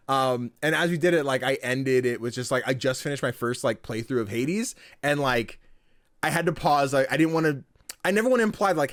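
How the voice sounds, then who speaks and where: A man's voice: a little high, lively intonation, quick pace, no echo, clean studio sound. A young man hosting a casual gaming podcast, joking and swearing freely as he chats. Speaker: podcast host.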